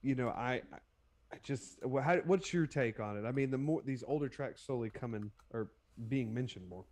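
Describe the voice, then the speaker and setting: Halting podcast co-host man. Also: medium pitch, animated, a little mellow. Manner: halting, searching for words. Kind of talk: casual podcast chat.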